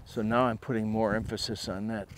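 A man explaining a retriever training drill outdoors, speaking calmly. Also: fairly low pitch, brisk, a little hiss or hum. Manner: short firm commands to a dog, with calm explaining asides. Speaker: dog trainer.

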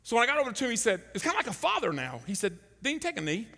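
A middle-aged man preaching a sermon, telling a story and acting out the shouted quotes. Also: very high voice, racing, creaky, husky, long reverb tail. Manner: animated, acts out shouted quotes. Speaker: pastor. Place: large church hall.

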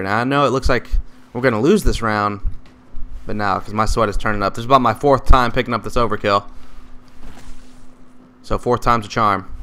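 A man giving loose, rambling live commentary over his own multiplayer match, excitable and full of profane, jokey trash talk. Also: mid-range voice, smooth. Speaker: gaming commentator.

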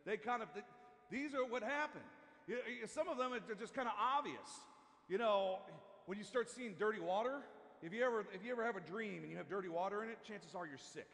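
A man preaching a sermon as pastor in a church, talking casually and haltingly with many restarts and asides. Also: high voice, creaky, a bit bright, in a large hall. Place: church sanctuary.

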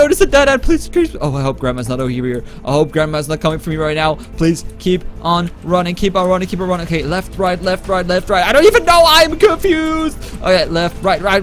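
Very high-voiced panicky gamer man. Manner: panicky and stammering. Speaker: gaming YouTuber. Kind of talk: gameplay commentary.

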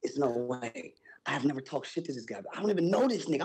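A young man telling a wild story on a podcast, loud and animated, with sound effects and profane slang. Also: on the high side, fast talker, poor audio.

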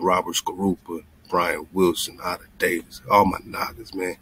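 Laid-back deep-voiced man, husky. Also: little pitch movement, normal speed, pushed and bright. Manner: laid-back, rambling, says "man" and "you know" a lot. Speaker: community channel host. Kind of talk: casual fundraising chat to viewers.

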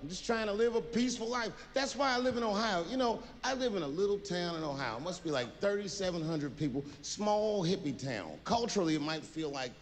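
A man performs a stand-up set on a theater stage, spinning a profane story and slipping into other people's voices. His voice sits a little high and swings widely. A long reverb trails behind him, with faint noise underneath. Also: expressive, a little fast, hardly any pauses. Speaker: stand-up comedian.

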